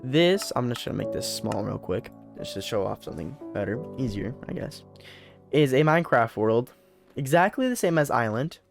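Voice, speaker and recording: A man's voice: medium pitch, lively intonation, normal speed, gravelly, soft background music. Rambling young man narrating gameplay. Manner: rambling, self-correcting, repeats words. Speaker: let's play host. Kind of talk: casual gameplay commentary.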